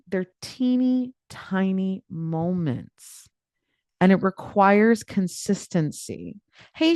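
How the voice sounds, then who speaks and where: A woman's voice: mid-range voice, dry recording, clean studio sound. A woman life coach giving a live online coaching talk in a chatty, playful way, with lots of filler words.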